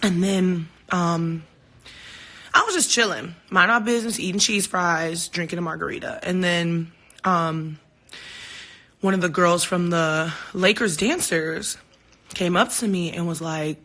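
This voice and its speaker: A woman with a lowish voice and measured pace chats casually with fans via a phone-camera livestream. Her candid, heartfelt talk includes free swearing and animated stories told through quoted exchanges.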